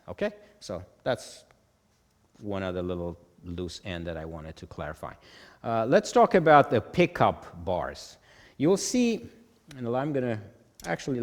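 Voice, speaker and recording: A lower-voiced man teaches music notation in a patient, step-by-step way, counting beats aloud and sounding out rhythms on "ta". He keeps checking in with "okay?" as he goes. His voice carries a long reverb, like a hard-walled room. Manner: chants rhythms on "ta". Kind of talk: whiteboard lesson.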